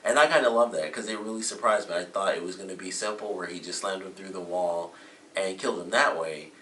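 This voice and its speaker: A man's voice: low-pitched, brisk, a bit bright, slight background noise. A man giving a casual, rambling review of a TV episode, with lots of fillers and self-corrections. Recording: roomy echo, mic at a distance.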